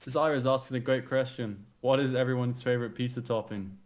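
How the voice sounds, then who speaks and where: A man giving chatty, relaxed colour commentary on a live esports match, often correcting himself mid-sentence. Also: mid-range voice, fairly quick. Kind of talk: casual co-commentary.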